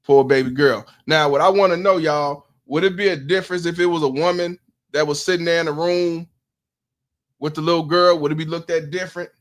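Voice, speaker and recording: A man's voice: on the high side, steady tone, brisk, slight background noise. A man, hosting a commentary stream, blunt and profane, putting questions to his audience. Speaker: host.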